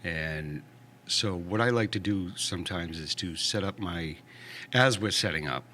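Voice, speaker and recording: Male guest ghost hunter, deep voice, steady and matter-of-fact. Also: a little slow, slight background noise. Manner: calm, matter-of-fact storyteller with fillers. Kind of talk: casual podcast storytelling.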